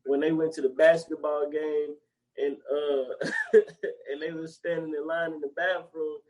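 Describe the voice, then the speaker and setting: An animated young man, recounting favorite comedy scenes in casual, profane chat. His voice sits a bit high for a man, and he keeps jumping into loud, squeaky impressions of the characters. He sounds like a podcast co-host riffing with a friend. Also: unhurried, rough recording.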